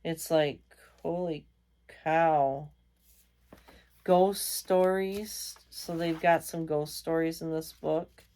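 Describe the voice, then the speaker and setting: A woman's voice: low voice, fairly even intonation, takes it slowly, few pauses, mellow. A tired woman chatting casually as a vlog host, rambling with many fillers. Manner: reads out magazine lines. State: tired, yawning. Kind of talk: casual chat.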